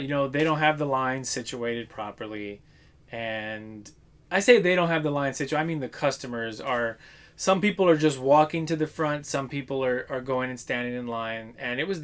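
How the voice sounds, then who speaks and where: A man, telling work stories in casual chat and acting out the people in them. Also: mid-range voice. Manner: animated storytelling with swearing and acted-out quotes. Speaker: podcast co-host.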